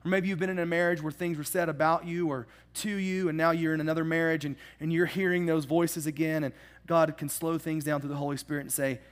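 A man preaching a sermon in a casual, animated storytelling way, with humorous asides. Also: on the high side, fairly quick. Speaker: pastor.

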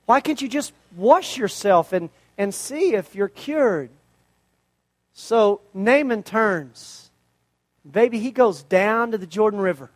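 A man giving a sermon, telling a story in a lively way with rhetorical questions and casual asides. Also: sits high. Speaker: pastor.

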